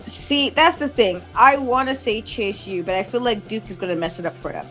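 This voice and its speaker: Bright-voiced woman guest on a phone. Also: a little high, moderate pace, soft background music, rough recording. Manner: relaxed, hesitant, speaks in likes. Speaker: guest panelist. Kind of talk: casual wrestling prediction chat.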